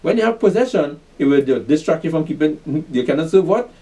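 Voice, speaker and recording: A man preaching scripture to a class, with a higher voice that swings widely in pitch. He keeps telling listeners to pay attention, and he asks questions and then answers them himself. His tone is mellow, and he sounds some distance from the mic. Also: animated, a little fast. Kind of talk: fiery street-style scripture teaching.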